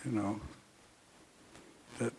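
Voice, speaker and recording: An older man recounting a personal story in a speech, unhurried and halting with many pauses. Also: a little mellow, slight background noise. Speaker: speaker at an honoring event.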